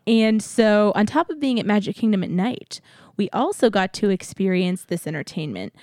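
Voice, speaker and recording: A young woman co-hosting a relaxed podcast, talking in a chatty, rambling way and laughing easily. Her voice sits at a middle pitch. The sound is dry and close to the mic. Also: moderate pace, no echo. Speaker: podcast co-host. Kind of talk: casual chat.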